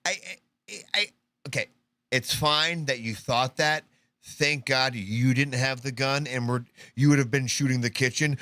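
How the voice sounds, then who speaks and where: A man's voice: medium pitch, fairly even intonation, unhurried, sharp tone, dry recording. A man hosting a live show, sarcastically commenting on news clips and acting them out in mock voices. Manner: sarcastic, mocking, puts on voices to act out clips.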